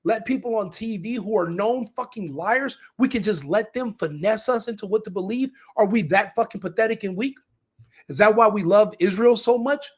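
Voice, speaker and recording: High-voiced man ranting hard. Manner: ranting, repetitive demands, swearing. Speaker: podcast host. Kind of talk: heated political commentary.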